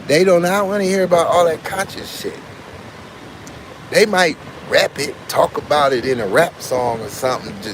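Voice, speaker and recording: A man's voice: a little high, moderate pace, noisy background. A man hosting his own channel, delivering a boastful, profane live-stream rant from inside a building with parked cars. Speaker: channel host.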